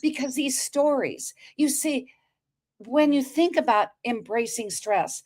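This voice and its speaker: Animated woman telling a story. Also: high voice, slow. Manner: expressive, acts out quoted dialogue, preachy asides to listeners. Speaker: guest. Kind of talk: animated storytelling in a talk show.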